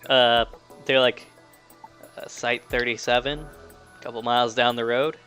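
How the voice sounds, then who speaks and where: A man's voice: medium pitch, level tone, measured pace, sharp tone, faint music behind. A man as game master, casually improvising and narrating a tabletop game.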